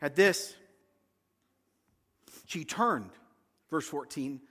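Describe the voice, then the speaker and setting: A man's voice: on the high side, animated, drawn-out words, a bit bright, in a large hall. A man preaching a sermon, retelling a scripture story dramatically and acting out the voices of its figures. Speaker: pastor.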